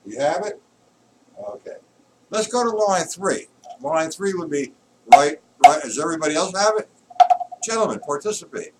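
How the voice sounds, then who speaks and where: A man teaching drums in a live-streamed lesson, explaining patterns patiently and counting beats aloud loudly while he plays. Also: fairly high pitch, animated, moderate pace, heavy background noise. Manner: explains patiently, checks if students follow. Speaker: drum teacher. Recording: distant mic with loud drumming.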